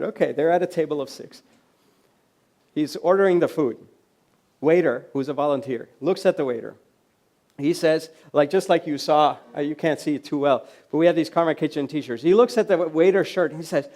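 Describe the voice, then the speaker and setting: A man from the USA giving a storytelling keynote at a university event, animated and laughing often as he acts out the people in his stories. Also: fairly high pitch, moderate pace. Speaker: keynote speaker. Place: university event hall with audience.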